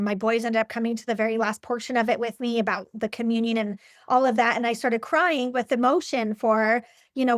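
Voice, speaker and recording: A fairly high-pitched woman in her forties speaks as an interview guest. She talks earnestly and reflectively, circling back with fillers and restarts. The sound is dry and close, with no room echo. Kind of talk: personal interview conversation.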